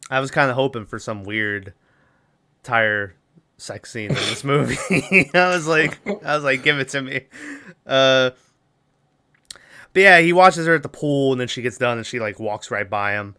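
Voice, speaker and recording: A man's voice: medium pitch, pushed and bright, clean tone. A man co-hosting a podcast, casually recapping a film's plot in a rambling way, laughing often and acting out lines. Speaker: podcast co-host.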